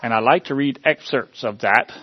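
A man preaching as a pastor, praying and then giving a sermon in an earnest, halting way with repeated words and fillers. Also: medium pitch, dry recording, muffled recording. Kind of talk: sermon with opening prayer.

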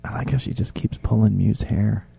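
Low gravelly man, hushed commentary. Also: moderate pace. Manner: hushed, fond, often trailing into whispers. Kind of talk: casual live commentary.

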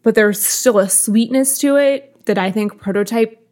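A woman co-hosting a casual podcast, telling stories in an animated way and swearing freely. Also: on the high side, moderate pace. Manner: animated storytelling with frequent swearing. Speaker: podcast co-host. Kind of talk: casual chat.

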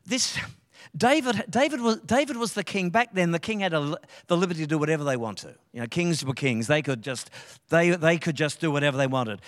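Man, Australian accent, pastor, live sermon, high voice, long hall reverb. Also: brisk. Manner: animated, conversational preaching with frequent emphatic restarts. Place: church hall, live service.

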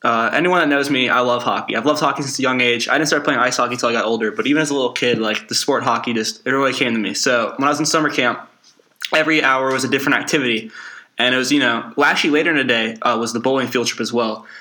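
A man's voice: medium pitch, quick pace, bright, forceful tone. Laid-back young man saying dude a lot. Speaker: podcast co-host. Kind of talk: casual storytelling.

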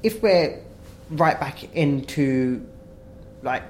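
A man's voice: on the high side, animated, extremely slow, poor audio. English guy chatting football, hesitant, bit of background hiss. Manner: hesitant, restarts, chatty fan banter. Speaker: football podcast co-host. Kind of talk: casual chat.

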